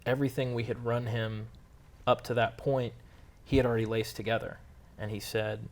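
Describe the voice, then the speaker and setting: A man answering interview questions about making a short film, relaxed and rambling with lots of fillers. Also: mid-range voice, moderate pace, few pauses. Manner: relaxed storytelling with many fillers. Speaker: filmmaker interviewee.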